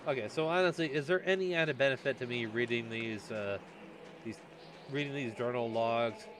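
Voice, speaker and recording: A man's voice: mid-range voice, normal speed. A man streaming a game who chats casually, swears and keeps asking his chat for honest feedback, with noise behind him. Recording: background noise.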